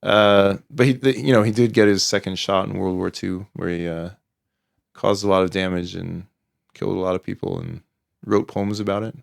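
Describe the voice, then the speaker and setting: A man's voice: low voice, moderate pace, creaky, no room sound, studio quality. A man co-hosting a podcast, telling stories in a rambling casual way with many fillers. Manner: rambling, many fillers and restarts, animated storytelling. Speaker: podcast co-host. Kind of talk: casual conversation.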